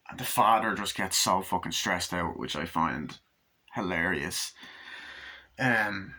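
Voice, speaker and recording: A man's voice: lowish voice, bright, forceful tone, a little hiss or hum, poor audio. A man casually reviewing a movie, rambling with lots of fillers and swearing as he retells scenes and acts out the characters' lines.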